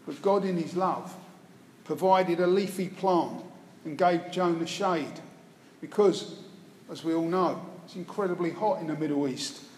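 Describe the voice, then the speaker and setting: Slow, high-voiced preacher in a hall. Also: male voice, a little mellow. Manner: storytelling, wry asides. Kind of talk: sermon retelling a Bible story. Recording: echoey hall, faint room noise.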